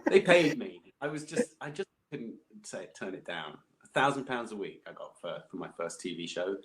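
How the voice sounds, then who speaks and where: A man's voice: on the low side, big pitch swings, moderate pace. A man, chatting as a podcast guest, rambling with many fillers and restarts. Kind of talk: casual interview chat.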